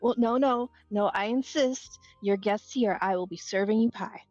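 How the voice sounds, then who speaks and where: A woman's voice: mid-range voice, normal speed, a little mellow, no room sound, muffled recording, faint music behind, voice pushed up, lightly acted. A woman voicing a flustered, eager-to-please halfling woman who rambles and apologizes.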